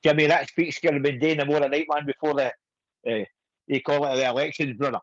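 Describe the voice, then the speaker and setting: A hearty Scottish man on a dull, dry phone line, joining a radio phone-in. His voice sits a little high. He is matey and quick to agree with the caller before him. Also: steady tone, no echo. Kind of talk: friendly phone-in chat.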